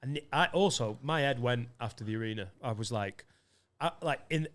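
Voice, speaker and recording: A middle-aged man, a guest comedian in a casual podcast chat, telling stories with plenty of swearing and quick asides. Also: mid-range voice, a bit bright.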